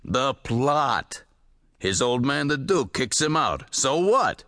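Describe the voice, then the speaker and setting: A man's voice: takes it slowly, full character voice. Jules, a man doing a weary skeptical publisher. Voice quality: dry, deadpan, lower drawl. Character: weary, skeptical male publisher, flat and hopeless. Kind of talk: audiobook character voice.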